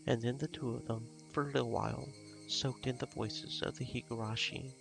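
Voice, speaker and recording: Gravelly man narrating a visual novel. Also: medium pitch, steady tone, moderate pace, over music. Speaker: streamer reading a visual novel.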